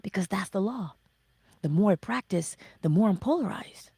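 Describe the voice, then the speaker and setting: A middle-aged woman hosting a motivational livestream, speaking slowly and emphatically and often dropping to a breathy whisper. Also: medium pitch, animated, warm tone, no echo. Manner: acts out her own self-talk in little voices. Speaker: livestream host.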